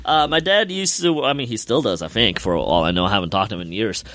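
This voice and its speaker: A man co-hosting a podcast, chatting casually and telling profane, animated stories, sick at the moment. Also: fairly low pitch, fast talker, no room sound. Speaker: podcast co-host. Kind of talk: casual chat.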